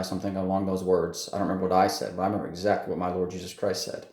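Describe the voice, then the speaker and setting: A man giving an unscripted personal faith testimony, halting, with many fillers and restarts. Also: sits low, flat delivery, a little mellow, echoey room. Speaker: testimony speaker.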